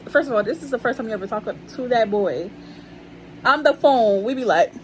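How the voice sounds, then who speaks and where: A woman's voice: on the high side, expressive, normal speed, slight background noise, poor audio. Chatty young woman telling a story. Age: young adult. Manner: chatty, addresses viewers as y'all. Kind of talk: casual storytime chat.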